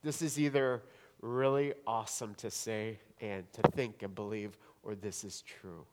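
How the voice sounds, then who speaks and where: A male pastor preaching a sermon, swinging between hushed, intimate stretches and rising, emphatic declarations. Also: lowish voice, steady tone, measured pace, slight background noise.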